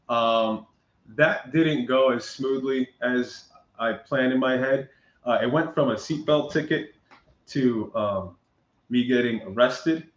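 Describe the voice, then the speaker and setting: A man, a guest on a chat show, tells a story in a casual, animated way, acting out the lines of the people in it and laughing often. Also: mid-range voice, a little slow. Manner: animated, acts out quoted dialogue, laughs often. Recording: muffled echoey room recording.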